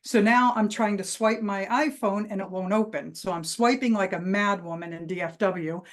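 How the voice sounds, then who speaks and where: A woman giving a motivational keynote, telling a personal story with lively emphasis and punchy phrasing. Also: medium pitch, moderate pace. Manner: lively anecdotal delivery with vivid emphasis. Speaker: keynote speaker and trainer.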